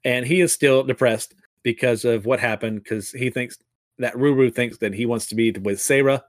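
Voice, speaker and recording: A man's voice: mid-range voice, normal speed, dry recording. A man casually recapping a comic chapter and reading its dialogue aloud, amused and often laughing at the story.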